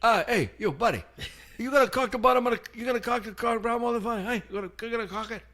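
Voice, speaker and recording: A man's voice: very high voice, fast talker, voice pushed up. A man putting on the voice of a pushy, chatty older house painter who keeps calling out "hey". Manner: loud, insistent, repeats "hey".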